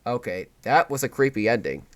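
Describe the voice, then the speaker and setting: A man's voice: medium pitch, big pitch swings, a little fast, a bit bright. A man playing a horror game, reading its story text aloud earnestly and breaking into startled exclamations. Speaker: gaming video creator.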